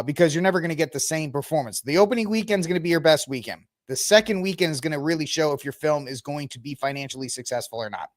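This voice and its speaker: Chatty podcast host, dry close sound. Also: male voice, a little high, no room sound. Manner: chatty, rambling, talks to the audience while browsing the web. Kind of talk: casual solo commentary.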